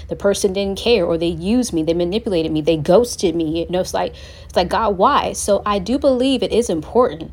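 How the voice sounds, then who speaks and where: A young adult woman hosting a faith-based talk for singles, earnest and encouraging, speaking conversationally and acting out prayers aloud. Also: medium pitch. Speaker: host.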